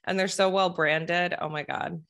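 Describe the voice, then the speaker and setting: A woman's voice: lowish voice, steady tone, measured pace, a bit bright. A woman hosting an interview podcast, asking questions with eager, gushing enthusiasm. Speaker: podcast host.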